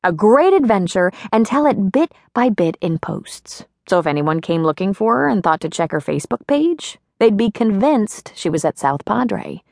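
A woman narrating an audiobook in an expressive, wry storytelling manner. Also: mid-range voice, normal speed, creaky, few pauses, no room sound, clean studio sound. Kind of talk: scripted narration.

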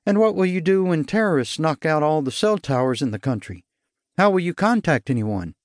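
A man's voice: on the high side, big pitch swings, brisk, dry recording, clean studio sound, pitched above the performer's own voice. A man voicing a fretful, chiding woman. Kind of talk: audiobook character voice. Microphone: studio mic.

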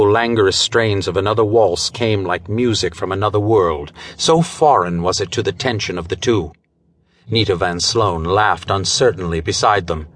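A man narrating a pulp thriller audiobook in a dramatic, measured storytelling manner. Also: deep voice, a bit bright. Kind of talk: scripted narration.

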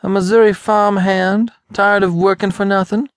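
A man's voice: high voice, level tone, moderate pace, smooth, dry recording, studio quality, voice pushed up, close to an everyday voice. A man voicing a lean, buzzard-like frontiersman in an audiobook, sarcastic and doubting. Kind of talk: audiobook character voice.

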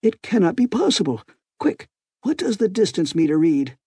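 An excitable old inventor barks out urgent cries, his voice leaping upward when alarmed, as a man puts him on while reading. The tone is husky and mellow, recorded close and dry. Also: on the high side, moderate pace, dry recording. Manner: urgent, exclaiming. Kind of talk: audiobook character voice.

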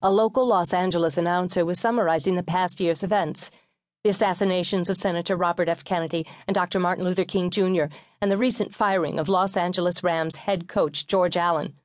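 A woman narrating a memoir audiobook in a measured, wry storytelling manner, recorded in a studio. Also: fairly low pitch, fairly even intonation, no echo.

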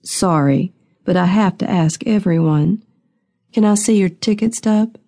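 A woman voicing a stern, blunt male acting constable who talks low and measured. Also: dark tone. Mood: questioning.

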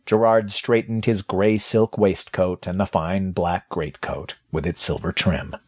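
A man reading a fantasy audiobook as narrator, expressive, voicing dialogue quietly. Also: sits low, measured pace. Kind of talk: scripted narration.

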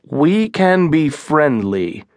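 A man's voice: on the high side, sing-song, extremely slow, no echo, studio quality, full character voice. A man reading a stern, blunt colony leader. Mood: firm. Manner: firm and blunt. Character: stern, commanding male English colony leader. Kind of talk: audiobook character reading.

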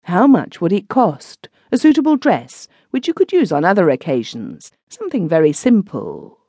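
A woman's voice: on the low side, huge pitch swings, normal speed, dark tone, slightly rough, dry recording, exaggerated voice. A woman narrator voicing a timid clerk husband who coaxes his wife and stammers when flustered. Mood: coaxing. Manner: coaxing, stammering.

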